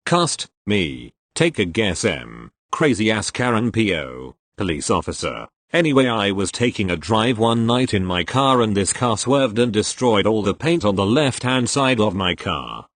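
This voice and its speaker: A man's voice: lowish voice, sing-song, unhurried, few pauses, fairly bright tone, dry recording. A man reading posts aloud one after another, going straight through each story. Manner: reads each post straight through, closing with "thank you, next". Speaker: reader of online posts.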